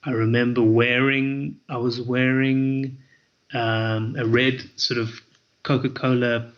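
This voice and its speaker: A man's voice: medium pitch, level tone, takes it slowly. A man, a comedian telling rambling, self-correcting stories in a casual interview, on dull lo-fi audio. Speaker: comedian guest.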